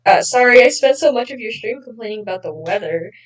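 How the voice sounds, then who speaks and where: A woman's voice: a little high, lively intonation, fast talker, reverberant, recorded from a distance, close to an everyday voice. A woman reading the lines of a flustered young male gamer in her own plain voice, a bit sheepish, heard from slightly off the mic. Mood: apologetic.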